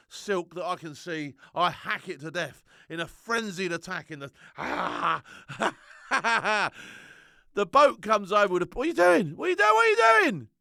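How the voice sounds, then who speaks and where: Man, middle-aged, lively slangy storyteller, bright forceful voice, smooth clear tone, dry close sound. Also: high-pitched, dry recording. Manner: animated storyteller, laughs often, slangy. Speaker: former soldier telling war stories. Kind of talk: casual anecdote.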